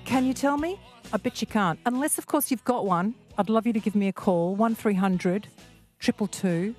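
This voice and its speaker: A woman's voice: medium pitch, moderate pace, faint music behind. Chatty woman radio host. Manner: lively, chatty, teasing. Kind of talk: radio phone-in chat.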